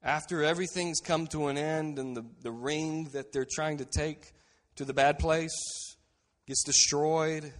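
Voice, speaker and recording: A man's voice: on the high side, fairly even intonation, unhurried. Earnest preaching man in a reverberant hall. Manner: earnest preaching, drops to quiet emphasis on key phrases. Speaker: pastor. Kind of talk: sermon.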